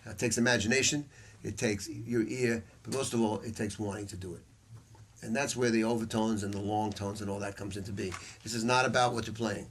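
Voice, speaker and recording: A man's voice: lowish voice, fairly even intonation, a little fast, a little hiss or hum. A man teaching a saxophone masterclass to students in a music store, telling stories bluntly and swearing freely. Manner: blunt, profane, storytelling.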